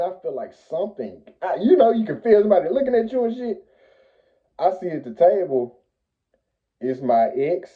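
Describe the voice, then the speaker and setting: A young man telling a personal story in casual, profane slang that jumps loud and high as he retells it. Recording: tinny phone-like audio.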